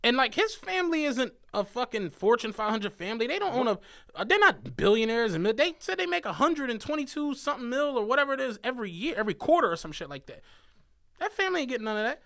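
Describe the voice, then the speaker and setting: A man's voice: very high-pitched, fast, vocal fry. A man co-hosting a podcast, telling stories in casual, profane chat and acting out the people he quotes. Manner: animated, profane, acts out quotes in shifting voices. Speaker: podcast co-host.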